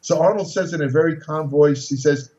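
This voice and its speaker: A man's voice: on the high side, brisk, a little mellow. A man in his sixties, a podcast guest, telling casual anecdotes in a rambling way, full of restarts and fillers. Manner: rambling storyteller with many restarts. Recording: distant roomy dull recording.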